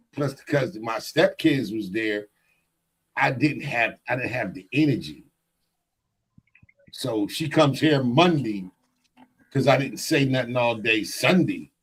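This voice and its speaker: A middle-aged man co-hosting a podcast, telling stories in blunt, profane, animated casual chat. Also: medium pitch, slightly rough, low-quality recording. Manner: blunt and emphatic. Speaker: podcast co-host.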